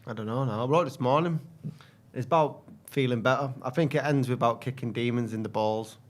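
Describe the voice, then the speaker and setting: A man co-hosting a casual live fan chat. He talks bluntly and swears freely. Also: fairly quick. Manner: blunt and sweary, swings up and down in pitch. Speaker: co-host of a fan channel.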